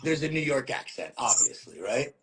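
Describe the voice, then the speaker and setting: A man hosting a podcast, chatting in an excited, slangy way over a video call. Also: mid-range voice, moderate pace, a little hiss or hum. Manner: excited, slangy, calls guest bro. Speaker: podcast host. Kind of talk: casual chat.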